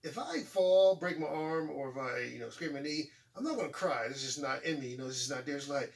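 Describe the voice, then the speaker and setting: A man in his forties chats as the host of a casual talk show. His voice sits a little high for a man, and he sounds set back from the microphone. He tells his stories with energy, laughs, and acts out quotes in different voices. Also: a little fast, gravelly, few pauses, recorded from a distance. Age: 40s. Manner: animated, laughing storyteller acting out quotes. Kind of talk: casual chat.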